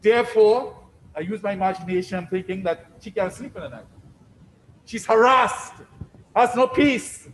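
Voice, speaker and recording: A man preaching a sermon, emphatic and deliberate, repeating phrases for stress and swinging between loud declarations and hushed asides. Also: high-pitched, a little hiss or hum, poor audio.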